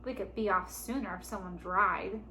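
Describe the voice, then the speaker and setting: A woman's voice: medium pitch, moderate pace, pushed and bright, a little hiss or hum, pitched below the performer's own voice. A woman voicing a timid, earnest peasant boy in a storybook read-aloud.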